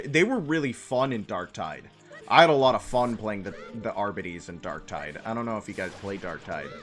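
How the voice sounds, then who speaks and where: A man chats casually while streaming a game, rambling from one topic to the next with quick, excitable asides. His pitch sits in the middle and moves in lively swings, with sudden squeaky outbursts. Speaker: gaming streamer. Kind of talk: casual gameplay chat.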